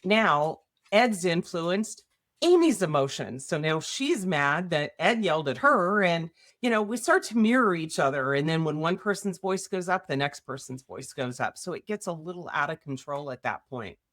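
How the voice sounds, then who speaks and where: A woman's voice: fairly low pitch, sing-song, moderate pace, fairly bright tone. A woman hosting a podcast, explaining ideas casually with workplace examples and often checking in with "right?". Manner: conversational, tags points with "right?". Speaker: podcast host.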